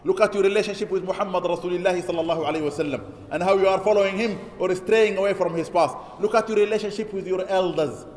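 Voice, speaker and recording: A man preaching an Eid sermon in a mosque, exhorting his listeners with emphatic repetition and chanting Arabic scripture quotes quickly. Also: high-pitched, a little mellow. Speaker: imam preaching. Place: mosque prayer hall. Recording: echoey hall with long reverb.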